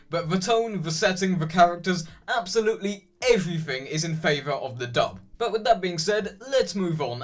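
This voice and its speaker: A man's voice: a little high, a bit bright. A young man narrating a chatty, opinionated video essay.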